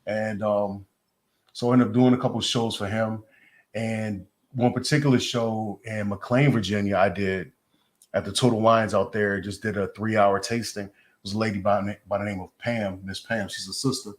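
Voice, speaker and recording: Man, fairly deep voice, laid-back storyteller, casual interview guest. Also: moderate pace. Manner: relaxed, low-key storyteller.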